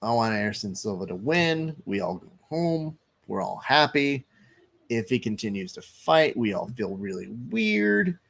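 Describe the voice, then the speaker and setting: A man's voice: mid-range voice, big pitch swings, measured pace, vocal fry, fairly bright tone. A man hosting a live stream, chatting loosely, reading viewer comments aloud and commenting on fights. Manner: loose, chatty, swearing, reads chat aloud.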